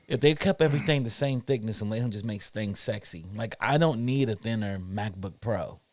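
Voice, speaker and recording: A man's voice: lowish voice, brisk, a little mellow, no room sound. Opinionated man in a dry room. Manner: opinionated, emphatic ranting. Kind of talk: casual chat.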